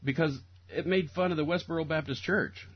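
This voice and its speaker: Fairly quick and husky, with a pitch on the high side, a male podcast co-host casually rambles through a film review. He laughs frequently and restarts his thoughts often. The recording sounds dull and lo-fi.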